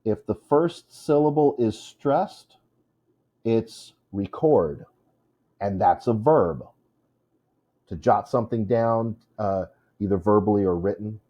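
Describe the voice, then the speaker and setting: A man's voice: on the low side, takes it slowly, dark tone, muffled recording. A man teaching a casual lesson on poetry, chatty, with many fillers, stopping to correct himself. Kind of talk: informal classroom lesson.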